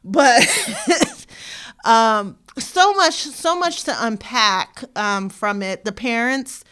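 A woman co-hosting a podcast, casually retelling a documentary in a rambling, animated way full of slang. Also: mid-range voice. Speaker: podcast co-host. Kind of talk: casual chat.

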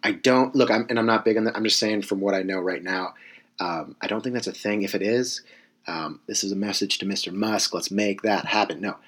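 A man's voice: on the low side, brisk, a bit bright, slightly rough. A young man in his twenties from California, giving a rambling, self-correcting comedic monologue with wry asides.

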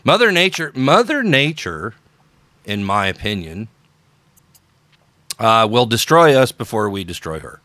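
A man's voice: fairly low pitch, big pitch swings, a little slow, pauses often, sharp tone, no room sound. A man hosting an unscripted political podcast, talking in an opinionated, sarcastic way with emphatic repetitions. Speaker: podcast host.

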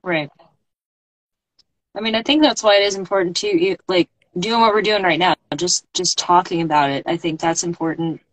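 A woman's voice: fairly low pitch, steady tone, moderate pace, slight background noise, low-quality recording. A woman hosting a podcast, supportive and reflective, often answering with short listening sounds. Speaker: podcast host. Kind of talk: casual conversation.

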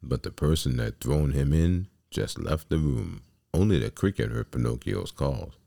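A man hosting a podcast and reading a children's story aloud in a slow, deliberate way. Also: rumbling low, lively intonation, vocal fry, warm tone, dry recording, clean studio sound.

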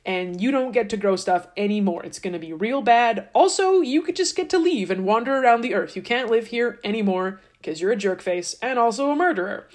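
A woman's voice: on the high side, expressive, fairly quick, hardly any pauses, darkish tone, natural voice. Casting: a woman doing an annoyed, slangy male God, scolding and blunt. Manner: casual, scolding.

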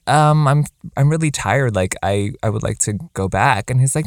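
Podcast co-host, young man, rambling animated storyteller, dry close mic. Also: mid-range voice, normal speed, no room sound. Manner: animated, quoting people in a raised voice; lots of likes and ums. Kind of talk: casual storytelling chat.

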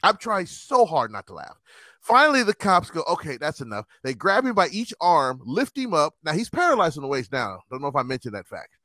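A man telling stories in a casual chat, animated and profane, often laughing. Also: on the high side, fairly quick, no echo, studio quality.

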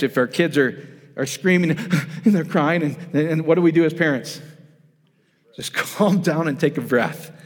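Casual preacher in a reverberant hall. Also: male voice, on the high side. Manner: casual, asks the audience questions, addresses them as guys. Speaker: pastor. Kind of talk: conversational sermon. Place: church hall.

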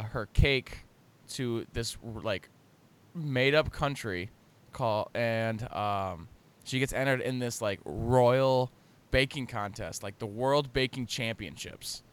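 A man's voice: medium pitch, fairly bright tone, clean tone. A man in casual chat, joking and rambling as he retells a movie plot with laughs.

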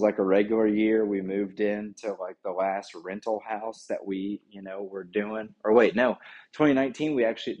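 Man, 30s, husky low voice, loose rambling solo chat, swears freely. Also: darkish tone, lo-fi sound. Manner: rambling, laid-back, swears and says "dude" often.

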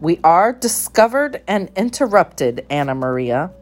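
A woman's voice: fairly low pitch, very animated, measured pace, soft background music. A woman voicing a greedy, fussy old male rat who speaks in formal, long-winded phrases. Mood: pompous.

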